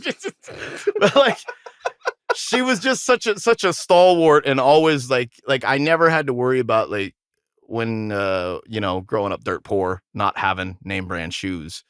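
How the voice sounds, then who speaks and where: A man's voice: mid-range voice, unhurried, smooth, no room sound, studio quality. A male podcast guest and musician telling long casual stories, acting out what others said, with lots of restarts. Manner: rambling, animated storyteller acting out quotes, frequent restarts. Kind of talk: casual storytelling interview.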